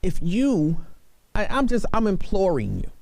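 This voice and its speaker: A man's voice: high-pitched, wildly swooping pitch, unhurried, gravelly, a little mellow, no echo. A man hosting a talk radio show, speaking earnestly and pleading with his listeners, repeating himself for emphasis. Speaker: radio host.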